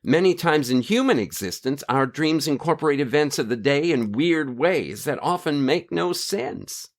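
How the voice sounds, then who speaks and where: A man's voice: on the high side, animated, normal speed. An actor playing a folksy human man in an audio drama, who speaks in homespun sayings. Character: folksy human man, Curdy, fond of his dad's sayings.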